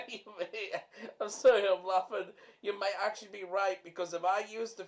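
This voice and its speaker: A man's voice: high-pitched, steady tone, moderate pace. A young man hosting a podcast in a casual chat. He rambles with lots of fillers and keeps breaking into fits of laughter. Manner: rambling, full of "like" and "you know" fillers. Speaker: podcast host.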